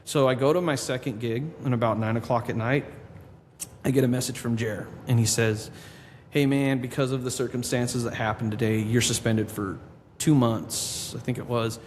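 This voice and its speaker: A man's voice: mid-range voice, moderate pace. A man, a podcast guest, telling a long story in a casual interview and acting out what others said to him. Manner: animated storyteller, quotes people in his own voice. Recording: long reverb with faint background noise.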